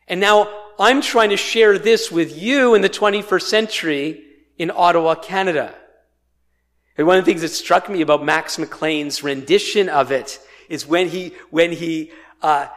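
A man's voice: high voice, measured pace, a bit bright. A man preaching a sermon in a church, talking with dramatic emphasis and acting out proclamations now and then. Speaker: pastor. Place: church in Ottawa, Canada.

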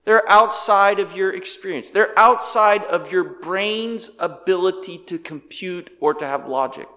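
A male pastor preaching a sermon with animated delivery, firing off rhetorical questions and swinging between loud and hushed. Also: sits high, a little slow, big-room sound.

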